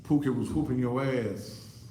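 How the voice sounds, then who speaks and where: A man giving blunt, fiery advice in a preaching-style monologue, repeating words in bursts and swooping up high. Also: measured pace, dark tone, a little hiss or hum. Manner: blunt, street-talking advice. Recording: roomy, echoey sound.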